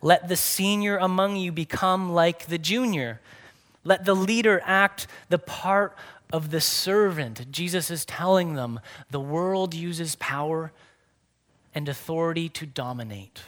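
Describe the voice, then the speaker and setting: A man delivers a sermon in a fairly high voice, earnest and deliberate. He leans hard on key words, slowing down and sometimes sinking to a near whisper before building back up. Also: fairly bright tone. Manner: earnest preaching, slows and drops to a whisper for emphasis. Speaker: pastor.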